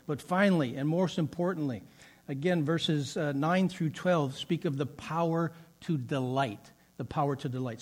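Husky, animated man preaching. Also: sits high. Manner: animated storytelling, laughing at himself. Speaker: pastor. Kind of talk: sermon with personal story.

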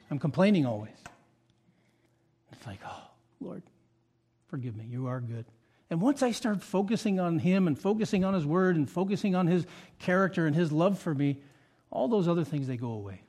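Man preaching a lively sermon. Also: fairly high pitch, brisk, slightly rough. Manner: dynamic preaching, swinging from loud emphasis to quiet reflection. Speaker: pastor.

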